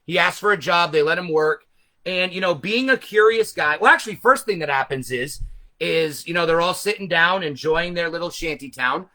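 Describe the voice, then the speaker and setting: Male host, loose profane storyteller who corrects himself as he goes. Bright, high voice. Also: normal speed. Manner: rambling, profane, self-correcting. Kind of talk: casual rambling commentary.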